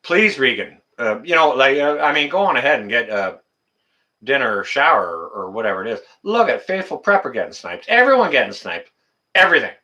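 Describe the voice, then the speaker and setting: A man's voice: mid-range voice, big pitch swings, a little fast, pushed and bright, muffled recording. A man hosting a casual livestream, talking to viewers in the chat by name and ranting indignantly, often repeating his phrases. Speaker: livestream host.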